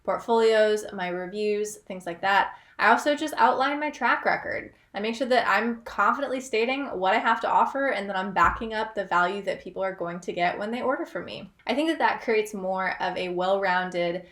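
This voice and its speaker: A woman's voice: mid-range voice, moderate pace, hardly any pauses, a bit bright, reverberant. A young woman, a freelance writer, explaining her work tips in a chatty, upbeat vlog with self-aware asides. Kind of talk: casual tutorial vlog.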